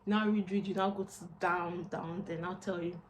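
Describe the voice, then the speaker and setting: A young woman with a Nigerian accent, chatting casually to camera as a vlogger and job seeker, expressive and slipping into Pidgin asides. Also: fairly low pitch, normal speed, slight background noise.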